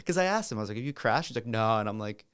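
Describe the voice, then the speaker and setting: A man from the United States, a guest ice hockey player, chatting casually and telling relaxed stories full of fillers. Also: lowish voice, very fast, clean tone. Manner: relaxed, filler-heavy, laughs through his stories. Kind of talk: casual chat.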